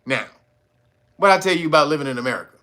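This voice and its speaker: Animated, bright-voiced man ranting mockingly. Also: fairly high pitch, fast. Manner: mocking, incredulous, laughs often, swears; mimics officials in sarcastic voices. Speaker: commentator. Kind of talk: ranting news commentary.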